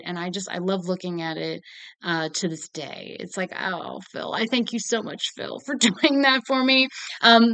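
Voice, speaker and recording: Young woman, film reviewer, casual gushing talk, bright forceful tone, dry close sound. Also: medium pitch, smooth, no echo. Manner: gushing, swearing, laughing often. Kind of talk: casual movie talk to camera.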